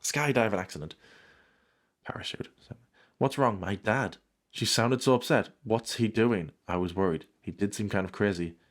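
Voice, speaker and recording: A man's voice: on the low side, moderate pace. A man reading a fan story aloud and breaking off for dry, sarcastic comments. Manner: dry sarcastic interruptions, mock outrage. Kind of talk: comedic reading with sarcastic asides.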